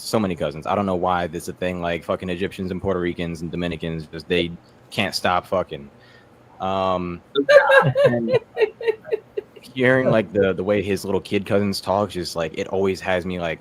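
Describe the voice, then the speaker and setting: A young man rambles through a stand-up set, cursing freely and acting out the people in his anecdotes. His voice sits a touch low. There is faint noise under the call audio. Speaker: stand-up comedian.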